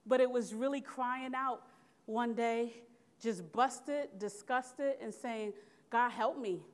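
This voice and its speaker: A woman's voice: fairly high pitch, steady tone, slow. Earnest woman preaching a sermon. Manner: earnest, conversational preaching with call-and-response asides.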